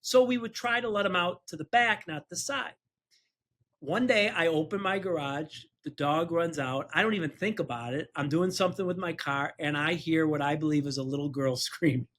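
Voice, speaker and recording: A man's voice: on the high side, normal speed, fairly bright tone. A man who is a personal injury attorney co-hosting a podcast, telling an anecdote casually, chuckling through it and acting out the voices of people he quotes.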